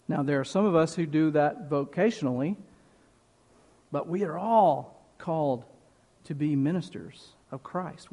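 A male pastor delivers his sermon at an unhurried, emphatic pace, repeating key phrases for weight. His voice sits a little high for a man. The sound carries a long reverb, as in a large church hall. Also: warm tone.

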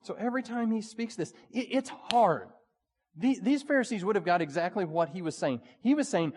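A male pastor preaching a sermon, swinging between urgent pleading and hushed, quiet passages. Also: high voice, lively intonation, brisk, breathy edge. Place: church sanctuary. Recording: long hall reverb.

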